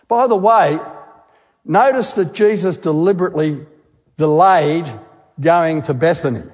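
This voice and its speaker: A man with a fairly high voice delivers a sermon. He speaks with emphasis, posing questions and repeating words to drive them home. His voice carries a long reverb, as if in a large hall. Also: darkish tone. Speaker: guest speaker, geologist.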